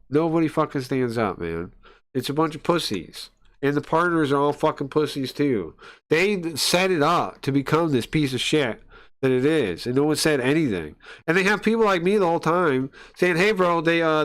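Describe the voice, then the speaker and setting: A male streamer in a heated rant on his live stream, with a voice pitched a little high. He swears freely, trips over his words and restarts, and breaks into scoffing laughs. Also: a bit bright. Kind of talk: profane livestream rant.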